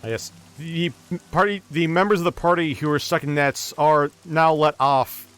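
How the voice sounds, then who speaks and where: A man running a tabletop game as game master, narrating in a slow, deliberate way. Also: on the high side, fairly even intonation, fairly bright tone, clean tone.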